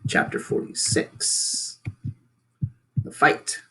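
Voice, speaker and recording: A man reading a children's book aloud with expressive storytelling. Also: fairly low pitch, unhurried. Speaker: reader.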